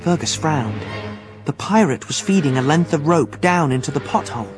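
A man narrating an adventure audiobook in an expressive, vivid storytelling manner. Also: a little high, moderate pace, soft background music.

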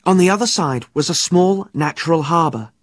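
A man narrating an adventure audiobook in an expressive, vivid storytelling manner. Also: on the high side, normal speed, dry recording, clean studio sound.

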